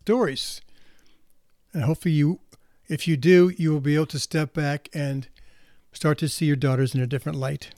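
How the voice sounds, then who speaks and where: A man's voice: fairly high pitch, steady tone, moderate pace, long pauses, a little mellow, dry recording, clean studio sound. A man speaking earnestly as a counselor to parents, often restarting and repeating words as he talks. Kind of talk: reflective spoken talk.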